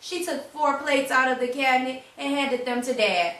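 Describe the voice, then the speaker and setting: A woman reading a children's storybook aloud in a clear, expressive narration. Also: high-pitched, normal speed. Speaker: reader. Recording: roomy, distant mic.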